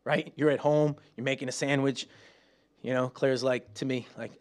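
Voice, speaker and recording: A man preaching a sermon, telling stories with laughs and acting out quotes, dropping soft and slow for prayer. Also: medium pitch. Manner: animated storytelling with laughs and acted-out quotes; drops soft and slow when praying aloud.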